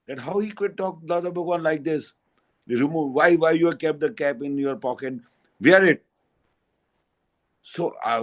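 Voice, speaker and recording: An older man with a Gujarati accent giving a spiritual satsang talk, telling anecdotes in a halting way with fillers and restarts. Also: medium pitch, darkish tone, rough recording. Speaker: spiritual speaker.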